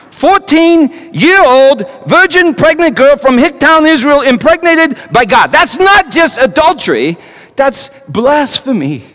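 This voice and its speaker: An actor playing a young carpenter in a dramatic stage monologue, talking in a conversational way with wry asides and stammered repeats. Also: male voice, fairly high pitch. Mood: anguished. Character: Joseph the carpenter, young man, wry and anguished. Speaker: actor in a one-man monologue. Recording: long hall reverb.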